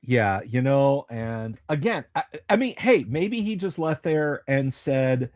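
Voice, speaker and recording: A man's voice: mid-range voice, very animated, takes it slowly, hardly any pauses, darkish tone, dry recording. A middle-aged man hosting a livestream in casual chat, telling a story, acting out other people's lines and stammering through restarts when sincere. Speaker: livestream host.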